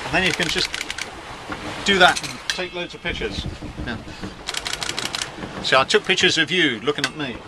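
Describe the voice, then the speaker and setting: This middle-aged skipper's casual video diary comes from a sailing yacht's deck, wind and wave noise all around. His fairly high voice moves at a moderate pace with lively intonation and frequent pauses, and his tone is chatty, wry and self-deprecating.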